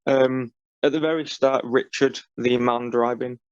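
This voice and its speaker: A man's voice: mid-range voice, steady tone, a little slow, clean tone, dry recording. A man co-hosting a podcast, giving dry, matter-of-fact commentary in casual chat. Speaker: podcast co-host. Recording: dull lo-fi recording.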